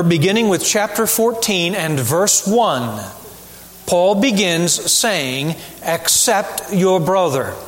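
A male pastor preaching a sermon, emphatic, with rhetorical questions and deliberate repetition. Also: fairly high pitch, big-room sound. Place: church sanctuary.

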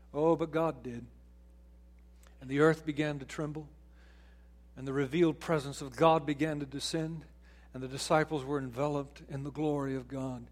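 A man preaching a sermon as pastor, swinging from hushed, slow lines to loud, pressing questions. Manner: acts out quoted voices, putting on an excited high voice.

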